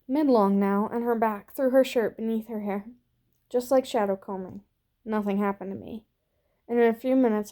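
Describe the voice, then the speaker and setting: A woman reading a story aloud in a slow, soft, gentle voice that sometimes drops to a hush. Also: a little high. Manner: slow, soft and gentle, dropping to hushed whispers. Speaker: reader.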